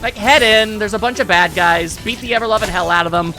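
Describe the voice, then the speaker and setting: A man's voice: sits high, brisk, hardly any pauses, sharp tone, faint music behind. A man giving casual, jokey, rambling commentary while playing a video game. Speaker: let's play host.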